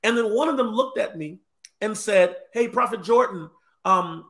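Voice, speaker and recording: A man's voice: high voice, normal speed, a bit bright. A man, a guest minister, telling a personal story earnestly with stammered restarts. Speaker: guest, apostle. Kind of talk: casual ministry discussion.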